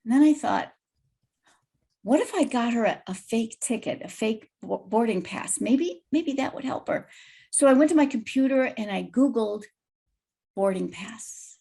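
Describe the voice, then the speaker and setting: A woman guest telling a personal story in a lively, vivid way on a video call podcast. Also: fairly high pitch, unhurried, gravelly, husky.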